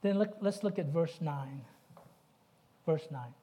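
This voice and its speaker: A man's voice: fairly high pitch, slow, mellow. A middle-aged man preaching a sermon, talking conversationally and asking the congregation questions. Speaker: pastor.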